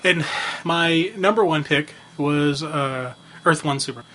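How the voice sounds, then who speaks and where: Excitable man with a higher voice. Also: a little slow, a little hiss or hum. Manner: enthusiastic, rambling with fillers. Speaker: podcast co-host. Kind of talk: casual chat.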